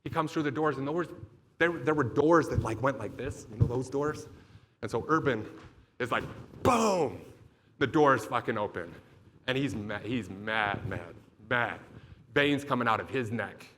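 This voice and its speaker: Bright-voiced man telling a vivid story. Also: mid-range voice, a little fast, slight background noise. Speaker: motivational speaker. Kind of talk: storytelling keynote speech. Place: event stage.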